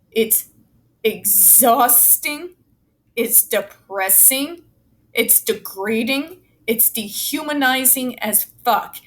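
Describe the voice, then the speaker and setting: A woman's voice: on the high side, fairly bright tone. Blunt, furious woman swearing through commentary. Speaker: autistic advocate commentator. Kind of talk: angry commentary reading a report aloud.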